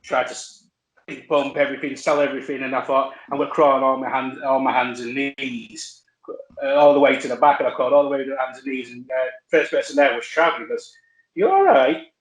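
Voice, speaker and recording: A man telling wrestling stories in casual chat, halting with many fillers and restarts. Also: mid-range voice, little pitch movement. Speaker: wrestler guest. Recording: roomy echo.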